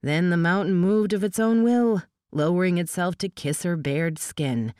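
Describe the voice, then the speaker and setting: A woman narrates an audiobook in a measured, steady manner, her fairly low voice clear and resonant. The recording is close and dry, with no room sound at all.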